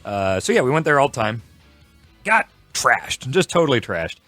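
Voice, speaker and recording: A young man tells a story on a podcast with lively, swooping pitch and frequent laughter. His voice is dry and close, with no room sound around it. He talks casually and quickly slips into other people's voices. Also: no echo, soft background music. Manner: animated, laughing, quick shifts into quoted voices. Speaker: podcast co-host.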